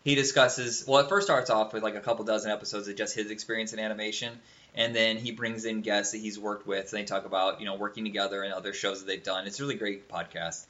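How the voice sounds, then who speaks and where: A man's voice: on the low side, steady tone, fast, pushed and bright. Rambling, profane male podcast co-host. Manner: rambling, profane, slips into goofy impressions. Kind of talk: casual chat. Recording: dull lo-fi sound.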